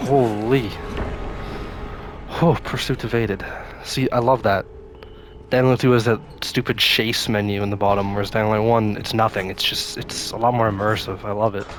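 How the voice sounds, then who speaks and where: At a moderate pace and level tone, a fairly low male voice rambles through casual commentary on his own play, talking to himself. The YouTuber breaks into sudden scared outbursts, with a little hiss or hum in the background.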